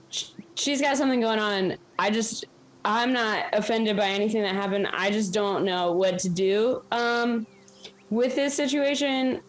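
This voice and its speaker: A woman's voice: medium pitch, pitched above the performer's own voice, lightly acted, rough recording. A woman voicing an ever-alert young woman adventurer who reassures her companions, a little awkwardly.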